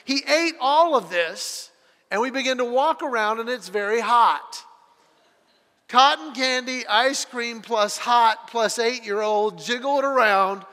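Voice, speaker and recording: A man preaching a sermon, telling stories and acting out the voices in them, swinging from loud bursts to quiet, earnest passages. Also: very high-pitched, big-room sound. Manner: animated storytelling, acting out voices with big swings in loudness. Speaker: pastor.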